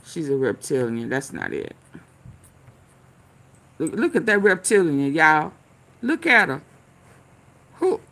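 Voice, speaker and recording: A woman's voice: low-pitched, huge pitch swings, slow pace, long pauses, a bit bright. A woman hosting casual commentary, rambling straight to her viewers and swearing as she hunts for clips to react to. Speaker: commentary channel host.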